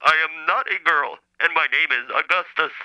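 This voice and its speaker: Synthesized male caller, piercing bright tone, clipped flat delivery, touchy. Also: fairly high pitch, moderate pace, clear, resonant tone, low-quality recording. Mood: indignant. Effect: computer speech synthesizer.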